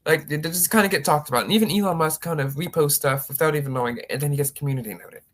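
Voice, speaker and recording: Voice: medium pitch, rapid-fire. A rambling political commentator talking casually, with many restarts and mocking impressions of opponents.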